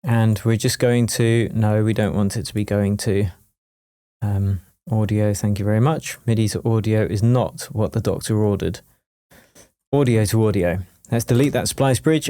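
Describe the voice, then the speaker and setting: A man's voice: fairly low pitch, mellow. Chatty, coffee-wired man teaching music production. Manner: chatty and jokey, quick with asides. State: wired on coffee, talking fast. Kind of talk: screen-recorded production tutorial.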